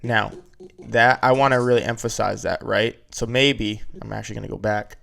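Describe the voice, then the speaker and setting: A man's voice: on the low side, steady tone, moderate pace, vocal fry, a bit bright. A man teaching video editing in a casual, step-by-step way, often checking in with "right?". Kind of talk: screen-recorded editing tutorial.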